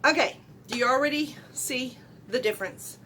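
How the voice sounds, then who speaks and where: A middle-aged woman walks viewers through her makeup in a chatty, folksy way. Her voice sits a little high and she talks loudly, checking in with "okay?" and "right?" as she goes. A faint rumble hums behind her at home. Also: moderate pace. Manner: chatty, loud and folksy, asks viewers questions. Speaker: beauty vlogger. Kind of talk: casual makeup tutorial.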